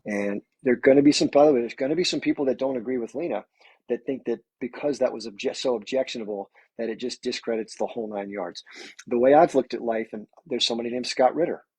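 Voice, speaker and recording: A man from the United States hosting a livestream, talking fast and earnestly in a husky voice. The sound is dry and close, with no room around him. He speaks in a casual, conversational way to his viewers. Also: medium pitch, darkish tone, dry recording, low-quality recording. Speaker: livestream host.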